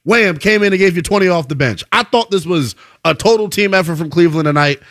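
A male sports radio host, animated and boastful, teasing his co-host and callers. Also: sits high, fast, dry recording. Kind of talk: sports talk radio debate.

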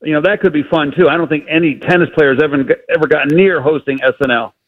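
A man's voice: on the high side, fairly even intonation, quick pace. Rambling male caller on dull line. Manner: rambling, many fillers. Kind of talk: radio call-in.

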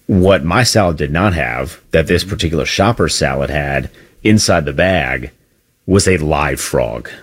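A young man co-hosting a casual chat, telling stories with jokes and deadpan asides. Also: very deep voice, unhurried. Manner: joking storyteller, deadpan asides.

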